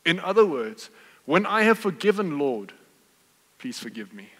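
Preacher in an echoing hall. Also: male voice, fairly high pitch, sing-song, measured pace, a bit bright. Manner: conversational, emphatic storytelling with rhetorical questions. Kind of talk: sermon. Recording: reverberant hall.

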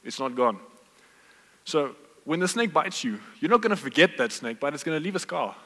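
A man preaches in a relaxed, joking, conversational way, with a bright, forward voice. His words ring through a church hall with a long, trailing reverb. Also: a little high, normal speed. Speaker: pastor. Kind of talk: sermon with storytelling.

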